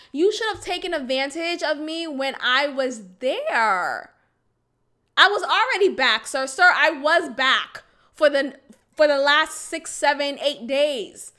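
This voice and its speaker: Bright, high-voiced woman venting candidly. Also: clear, resonant tone. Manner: expressive, venting, swings from low sighs to loud exclamations. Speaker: podcast host. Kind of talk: candid personal storytelling. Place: Houston, Texas.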